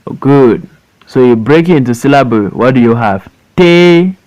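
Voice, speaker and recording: A man's voice: medium pitch, normal speed, dark tone, poor audio. A man teaching a phonics lesson, stretching words out syllable by syllable and repeating them for learners. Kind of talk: slow classroom phonics lesson. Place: voice-over for an online lesson.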